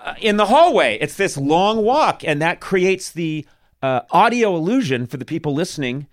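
A man's voice: on the high side, very animated, moderate pace, slight background noise. Joking man in his sixties hosting. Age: 60s. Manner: joking, self-mocking and riffing. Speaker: podcast host. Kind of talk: live comedy podcast chat. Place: live show on a stage.

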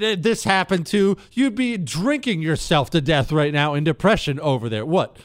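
A man's voice: a little high, moderate pace, no room sound, studio quality. A man hosting a talk show, ranting in a sarcastic, exasperated monologue.

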